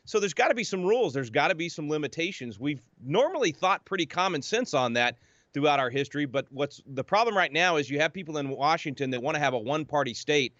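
A man's voice: on the high side, a bit bright, dry recording. A man making emphatic political arguments as a guest speaking over a video call. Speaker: guest commentator. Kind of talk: political commentary. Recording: dull, dry video call audio.

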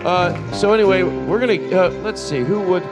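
A man hosting a live comedy show, rambling and excitable in loose stage banter. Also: sits high, moderate pace, music in the background. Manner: rambling, excitable, frequent restarts.

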